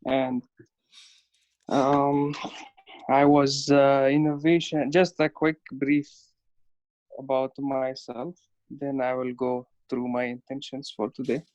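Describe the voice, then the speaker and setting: Man from Afghanistan, hesitant self-intro on a video call, slow and dry. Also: mid-range voice, little pitch movement, darkish tone, no echo, dull audio. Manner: hesitant, many fillers. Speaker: youth delegate.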